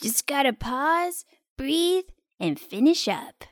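A woman's voice: high voice, very animated, dry recording, studio quality, heavily acted. A woman voicing a spirited young girl who plays guitar in a children's audio drama, upbeat and playful. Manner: upbeat and playful, drawn-out delivery.

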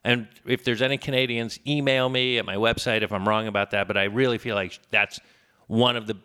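A man's voice: medium pitch, a little fast, clear, resonant tone. A man who is a comedian, chatting casually on a podcast, rambling and correcting himself as he goes. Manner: rambling, self-correcting, animated.

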